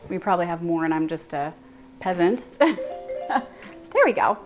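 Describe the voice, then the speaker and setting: She speaks with a fairly low pitch at normal speed, her Texan accent carrying over soft background music. Hosting a casual baking stream in her home kitchen, the woman talks through her thoughts and says hello to viewers by name.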